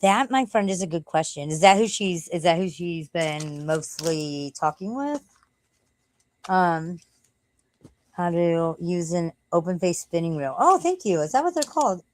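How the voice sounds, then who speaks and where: A woman's voice: on the low side, animated, unhurried, rough recording. A woman live streamer chatting casually from home, rambling and cursing freely.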